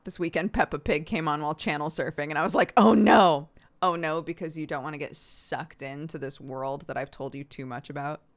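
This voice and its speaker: Streaming from her home, a woman talks casually in a low, steady voice, moving briskly with few pauses. Her chat is peppered with "like" fillers and frequent laughter.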